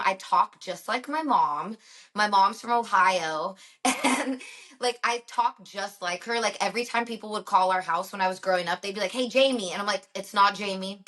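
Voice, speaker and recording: A woman's voice: medium pitch, sharp tone. A woman from Los Angeles with a slight country twang, chatting as a guest in an upbeat way and laughing easily. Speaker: guest, singer. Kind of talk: casual interview chat.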